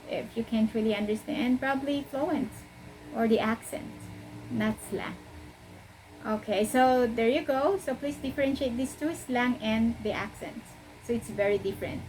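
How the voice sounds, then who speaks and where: A woman's voice: medium pitch, a little mellow, a little hiss or hum, low-quality recording. A woman from the Philippines with a Filipino accent, explaining an English word in a casual, repetitive video lesson. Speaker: English teacher.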